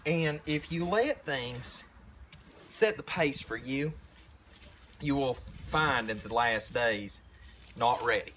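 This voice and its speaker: Painting at a tiny house build site outside, this young prepper vlogger with a Southern accent preaches casually in a blunt, folksy, rambling way, often restarting. He speaks slowly and expressively at medium pitch, pausing often, with a fairly bright tone and slight background noise.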